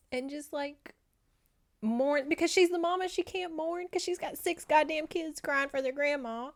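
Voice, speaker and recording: A woman's voice: high voice, moderate pace. A woman from North Louisiana with a Southern accent, chatting through a book recap as a podcast host, full of tangents and emotional asides.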